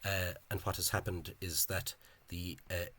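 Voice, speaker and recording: A man giving an informal spoken lecture over on-screen examples. He talks in a halting, hesitant way and is openly scornful of the official spelling. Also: low voice, level tone, sharp tone, slightly rough. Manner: hesitant and halting, with frequent pauses and restarts. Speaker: language enthusiast presenting a video lecture.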